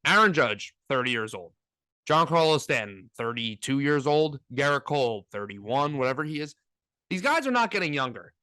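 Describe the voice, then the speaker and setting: A man's voice: fairly high pitch, bright, forceful tone, no room sound. A man co-hosting a casual sports talk podcast, ranting with energy and mocking fans in put-on voices.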